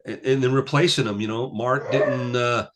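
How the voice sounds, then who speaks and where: Man, 60s, guest musician, casual interview, rambling, filler-heavy, animated quotes, mid pitch. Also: moderate pace, background noise. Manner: rambling, full of "you know" fillers; acts out quoted people with lively pitch jumps.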